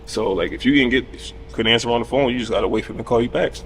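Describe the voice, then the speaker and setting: Fast-talking man telling stories. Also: medium pitch, slight background noise. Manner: animated retelling with quoted voices, casual cursing. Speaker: podcast guest. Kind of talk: casual storytelling.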